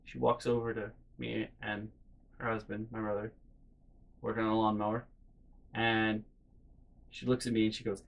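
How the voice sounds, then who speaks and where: A young man telling family stories in a casual vlog, animated and profane, with frequent exasperation. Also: lowish voice, moderate pace, vocal fry, pauses often, poor audio. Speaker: vlogger.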